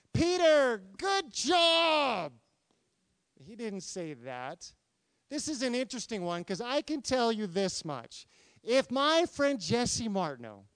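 A man preaching a sermon, reading scripture and asking the congregation questions in an animated, conversational way. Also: high-pitched, smooth, no echo. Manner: animated, talks to congregation with questions, acts out quotes. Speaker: pastor.

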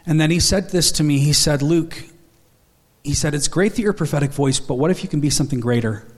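Man, thirties, somewhat high voice, earnest storytelling preacher. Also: quick pace, a little mellow. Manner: storytelling, earnest, quotes dialogue in his stories. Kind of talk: sermon.

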